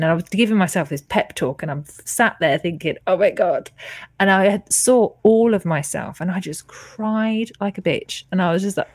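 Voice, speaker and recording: A woman's voice: mid-range voice, brisk, no room sound, studio quality. A woman, telling her personal story frankly and earnestly as a podcast guest over a video call, swearing freely.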